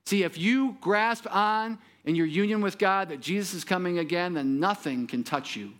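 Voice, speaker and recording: A man with a fairly high voice preaches a sermon. He turns to the congregation with direct questions and sinks into a soft, low tone when he makes his solemn points. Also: normal speed. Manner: rises in pitch for quoted lines, drops soft and low for solemn points; repeats words when he restarts, talks straight to the listener. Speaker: pastor.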